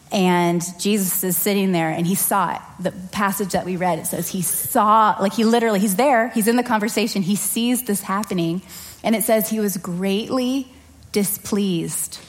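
A woman's voice: medium pitch, moderate pace. A woman leading a prayer and then preaching in a church service, earnest and conversational, acting out little scenes as she tells them. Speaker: children's or family pastor. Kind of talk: prayer and sermon.

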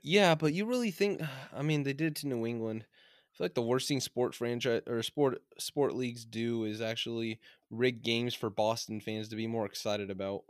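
A man with a mid-pitched voice argues about sports in a casual podcast chat. His delivery is earnest and insistent, recorded dry and close to the mic. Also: normal speed, no room sound. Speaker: podcast co-host.

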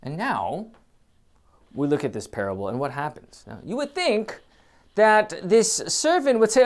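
A man preaching a sermon, swinging between loud, emphatic passages and quiet, hesitant musing with many fillers. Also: sits high, very animated, measured pace.

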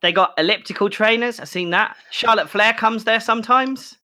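A man's voice: sits high, moderate pace, sharp tone. A man co-hosting a wrestling chat in a wry, cynical way. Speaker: podcast co-host. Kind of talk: casual chat.

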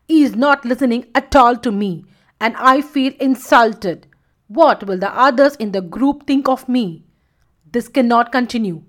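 A woman voicing a stern, angry male lion who leads his pride, speaking loudly and indignantly. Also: high-pitched, expressive, unhurried. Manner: loud, indignant.

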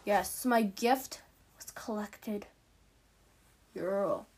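A woman's voice: medium pitch, very slow, darkish tone, slightly rough. A teenage girl giving casual, chatty gameplay commentary, giggling and poking fun at herself as she plays. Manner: chatty, giggly, self-mocking. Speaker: gaming streamer.

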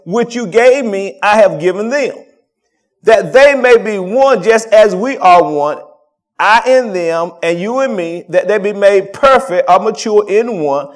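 A man preaching a sermon as senior pastor, with call-and-response lines that build to fervent peaks. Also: high-pitched.

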